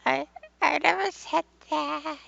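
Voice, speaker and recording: A man's voice: very high voice, slow pace, creaky, pushed and bright, no room sound, voice pushed up, heavily acted. Man putting on a proud indignant British goddess. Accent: put-on British. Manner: indignant, clipped denials. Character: indignant haughty goddess, woman, proud and offended. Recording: dull, dry recording.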